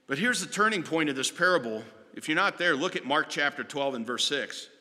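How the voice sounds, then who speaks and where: Impassioned male pastor, bright voice, echoing sanctuary. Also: on the high side, lively intonation. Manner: impassioned, swinging from hushed to loud with slow emphatic phrases. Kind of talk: sermon. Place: church sanctuary. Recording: long reverb of a church sanctuary.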